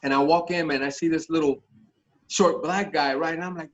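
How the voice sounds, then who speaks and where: A man guest on a podcast telling stories in a casual, animated, profane way, acting out the voices of the people in them. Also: fairly high pitch, a little fast. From Miami. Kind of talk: casual storytelling interview. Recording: dull lo-fi podcast audio.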